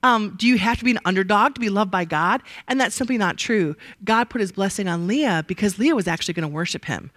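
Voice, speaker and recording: Speaking fast with few pauses and no echo, this mid-range female voice teaches a Bible study to a live audience. Her conversational delivery is lively, full of questions she puts to the group before supplying the answers.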